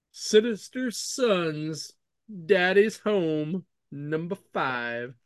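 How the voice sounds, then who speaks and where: A man's voice: mid-range voice, a bit bright, dry recording, studio quality. A man hosting a casual chat, rambling with many fillers and restarts as he retells story scenes in his own voice. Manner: paraphrases characters' lines in his own voice. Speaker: podcast host reviewing comic books.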